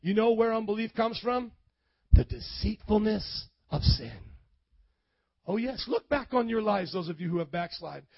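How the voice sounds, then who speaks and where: A man preaching a sermon as pastor, calling out to the congregation and swinging from loud to hushed. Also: high voice, expressive, moderate pace, dry recording, muffled recording. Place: church.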